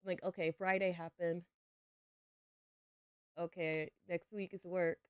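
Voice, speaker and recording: A woman's voice: fairly low pitch, level tone, slow, clean tone, no echo, studio quality. A young adult woman streaming a farming game, chatting playfully with her viewers. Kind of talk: casual livestream chat while gaming.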